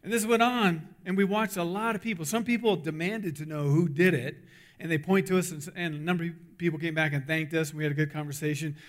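Animated preacher man telling a story. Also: on the high side, quick pace. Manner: animated storyteller, acts out voices in dialogue; earnest, urgent appeal to the audience. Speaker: pastor. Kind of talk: sermon with storytelling.

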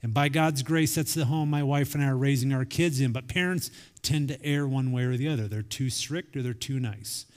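A man's voice: mid-range voice, a little fast, a little mellow. A man in his forties preaching a sermon in a conversational way, acting out quoted family dialogue. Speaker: pastor. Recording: long reverb of a large hall.

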